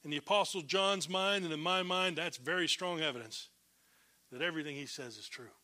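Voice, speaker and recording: A man preaching a sermon as a pastor, emphatic, swinging between loud declarations and hushed low lines. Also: brisk.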